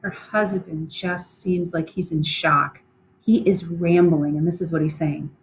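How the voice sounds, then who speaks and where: A woman's voice: on the low side, fairly even intonation, measured pace, low-quality recording. A woman teacher reading a play aloud and explaining it in chatty, plain modern words.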